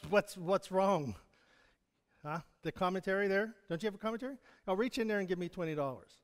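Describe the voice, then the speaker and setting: A man's voice: sits high, brisk. A man preaching a sermon to his congregation, speaking in a conversational way, chuckling often and putting questions to the people in the pews. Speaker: pastor. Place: church sanctuary. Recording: long hall reverb.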